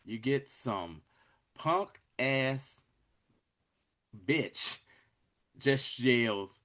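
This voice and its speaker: A man's voice: mid-range voice, expressive, drawn-out words, a bit bright. A young man in casual chat, animatedly retelling a show's scenes with slang and acted-out quotes. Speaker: podcast co-host reviewing a show. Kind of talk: casual chat recapping a show.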